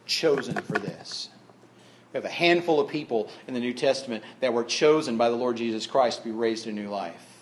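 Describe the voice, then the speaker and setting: A man preaching a sermon as pastor, folksy and repeating phrases for emphasis, swinging between hushed tones and loud declarations. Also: mid-range voice, brisk, background noise.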